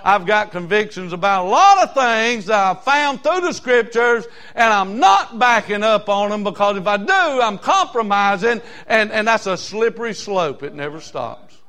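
A male pastor preaching a sermon, fervent and folksy, moving from quiet asides to loud hollering. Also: high-pitched, animated, moderate pace, few pauses.

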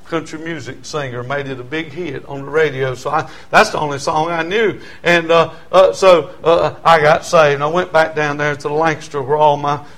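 Man, 60s, Southern American accent, high-pitched voice, testimony sermon, animated, quiet storytelling rising to near shouts. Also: moderate pace, few pauses. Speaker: preacher giving his testimony.

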